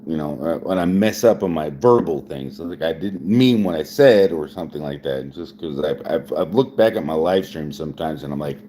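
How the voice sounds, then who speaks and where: A man's voice: very deep voice, lively intonation, normal speed, few pauses, warm tone, a little hiss or hum. A man in his forties chatting casually on a live stream, rambling and repeating himself, chuckling often, with a few drinks of whiskey in him. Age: 40s. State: drinking whiskey while talking.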